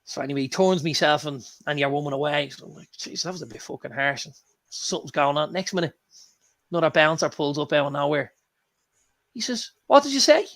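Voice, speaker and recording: An Irish man with a slightly raised, gravelly voice, co-hosting a casual talk show. He tells anecdotes with lots of energy and swears freely. His delivery is loose and conversational. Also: a little high, a little fast, fairly bright tone. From Ireland. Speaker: co-host. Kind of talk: casual chat.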